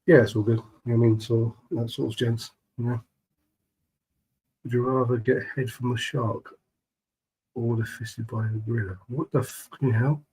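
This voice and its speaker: A man's voice: mid-range voice, little pitch movement, moderate pace, darkish tone, low-quality recording. A man chatting casually on a live stream, greeting viewers and reading their messages in a laid-back, chummy way, keeping his voice down.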